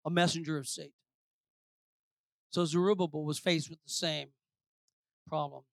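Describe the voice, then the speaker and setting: A pastor preaching a sermon, swinging between shouted declarations and low, quiet asides. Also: male voice, steady tone, normal speed, vocal fry, no echo, clean studio sound.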